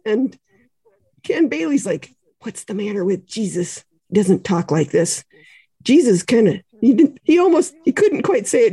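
Relaxed, husky woman explaining ideas. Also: on the high side, no echo. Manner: explains ideas with examples, frequent "you know" and small laughs. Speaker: author and podcast guest. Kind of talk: conversational explanation.

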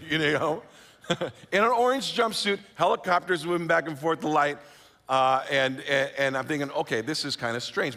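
A middle-aged man from California tells a personal story, stumbling through fillers and restarts and then acting out the voices he quotes. His tone is bright and sharp, sitting a bit high for a man. A long hall reverb trails every line. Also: gravelly. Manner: lively, self-mocking, many fillers and restarts, acts out quoted voices. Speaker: speaker.

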